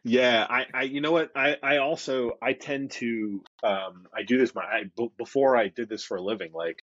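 A man's voice: mid-range voice, moderate pace, a bit bright, dry recording, lo-fi sound. A middle-aged man from Brooklyn with a mild New York accent, chatting casually as an interview guest and rambling with easygoing restarts. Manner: rambling, self-correcting, easygoing. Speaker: podcast guest, comic creator.

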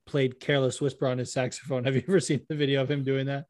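A man's voice: mid-range voice, little pitch movement, racing, darkish tone, no echo, clean studio sound. Laid-back, profane man chatting. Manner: profane, laughing, breaks into sung bits. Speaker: podcast co-host. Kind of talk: casual chat about fights.

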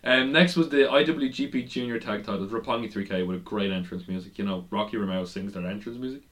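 A young man with a fairly low voice chats loosely about wrestling on a podcast. He rambles, stumbles over restarts and breaks into laughter now and then, keeping it casual and unpolished. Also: fast talker, fairly bright tone. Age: young adult. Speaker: podcast co-host.

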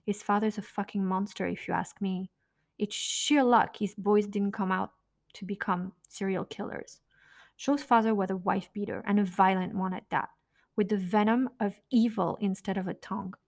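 Woman, memoir narration, blunt, profane, raw, middle pitch. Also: steady tone, normal speed, gravelly, a little mellow. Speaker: narrator reading her own memoir.

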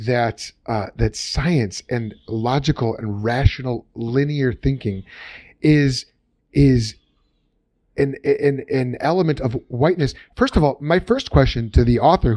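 A man co-hosting a podcast, talking casually and thinking out loud with frequent restarts. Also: medium pitch, a little slow, dry recording. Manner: animated, thinks aloud with restarts. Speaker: podcast co-host. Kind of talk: casual discussion.

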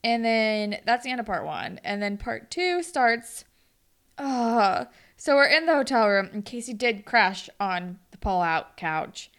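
A woman's voice: a little high, lively intonation, measured pace, fairly bright tone, smooth. A woman co-hosting a podcast, recapping a TV episode in casual chat. She swears freely and acts out the characters' lines as she retells them. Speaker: podcast co-host.

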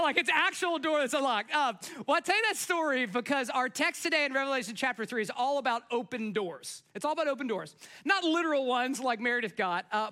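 A pastor preaches in an easy, conversational sermon, with a very high voice and a bright, forceful tone. He tells stories with energy and often speaks straight to his listeners. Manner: conversational, animated storytelling, asks the crowd. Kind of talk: sermon with storytelling.

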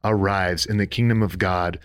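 A man's voice: deep voice, steady tone, normal speed, smooth, dry recording. Earnest preacher-like man, dry sound. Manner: earnest, preacher-like, builds lists and reads quotes aloud. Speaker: podcast co-host. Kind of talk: faith-based podcast discussion.

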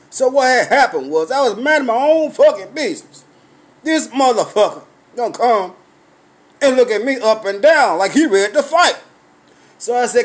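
A man with a high, lifted voice delivers a profane comic rant. He tells the story loudly and repeats himself, acting out his own confrontations as he goes. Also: big pitch swings, normal speed. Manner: loud, repetitive, swearing storyteller who acts out confrontations.

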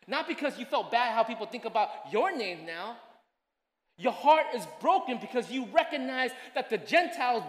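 A man in his thirties preaches with a high, ringing voice. He shifts between loud, urgent appeals and quiet, conversational asides. The sound carries a long reverb from a large hall. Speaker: pastor. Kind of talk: sermon. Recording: echoey hall.

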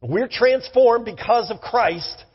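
A middle-aged man, a pastor, preaching a sermon in an animated, emphatic way in a church. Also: very high voice, slow pace, husky, long reverb tail, muffled recording. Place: church sanctuary.

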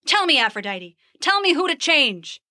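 A woman voicing a blustering, quick-tempered old male god in a storybook podcast, roaring and boastful. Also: high voice, very animated, sharp tone, no echo, clean studio sound, pitched above the performer's own voice, full character voice.

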